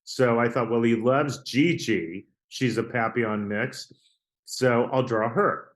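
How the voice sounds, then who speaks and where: A man tells stories as a guest on an interview podcast, chatty and rambling. He tosses in "right?" and "like" as he goes. His voice sits in a middle pitch. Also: slow. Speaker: artist guest. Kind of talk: casual storytelling interview.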